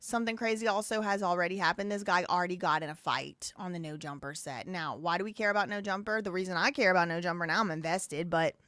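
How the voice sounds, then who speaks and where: A woman's voice: on the low side, quick pace, few pauses, a bit bright, dry recording. Woman hosting a live show, talks casual and laughs a lot, dry close mic. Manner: chatty, laughs and repeats phrases. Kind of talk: casual live-stream commentary.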